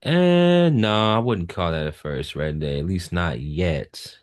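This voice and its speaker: A man's voice: very deep voice, unhurried. A man giving a trading lesson over a screen share, emphatic and repeating his key points. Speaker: trading educator.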